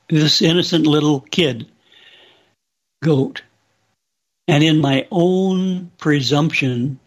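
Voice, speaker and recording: A man slowly and solemnly recounting a religious vision as testimony. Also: a little high, slightly rough. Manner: slow, deliberate, solemn. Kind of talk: slow spoken testimony.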